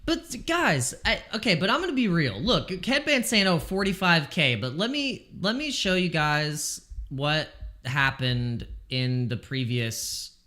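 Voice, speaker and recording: A man with a bright, forceful voice pitched a little above the usual runs a casual crypto live stream. He talks in excitable, exasperated bursts and swears freely along the way. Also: measured pace.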